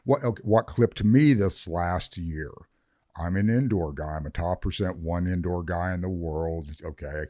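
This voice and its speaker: A man's voice: low-pitched, moderate pace, mellow, dry recording, clean studio sound. An older man, a veteran grower, talking in a podcast interview, blunt, profane and fired up as he rants. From Northern California. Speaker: veteran cannabis grower guest.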